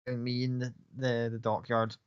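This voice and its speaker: A man's voice: medium pitch, level tone, moderate pace, clean tone, no echo. A man running a tabletop game as game master, narrating casually with fillers and the odd swear word. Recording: dull lo-fi, dry.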